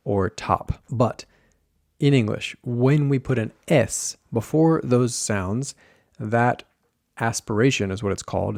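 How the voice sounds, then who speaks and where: A man teaching pronunciation in a video lesson, slowly demonstrating sounds with careful repetition. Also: on the low side, darkish tone, no room sound, clean studio sound.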